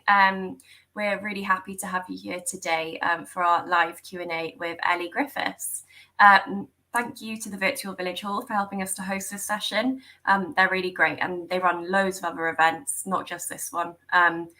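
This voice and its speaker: A woman's voice: medium pitch, steady tone, normal speed, sharp tone, low-quality recording. A woman hosting a live online Q&A on a video call, friendly, with lots of ums and laughs. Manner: friendly, frequent ums, giggly. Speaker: host.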